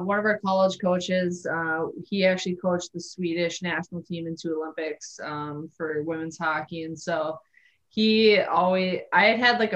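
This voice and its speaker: Woman former hockey player, interview guest, lowish voice, rambling anecdote. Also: fairly bright tone, dull audio. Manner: easygoing, rambling storyteller. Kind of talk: casual interview storytelling.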